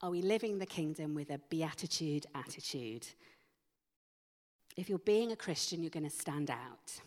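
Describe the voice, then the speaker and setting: A woman preaching a sermon, asking slow, emphatic rhetorical questions. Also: low voice, lively intonation, a little mellow. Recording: long hall reverb.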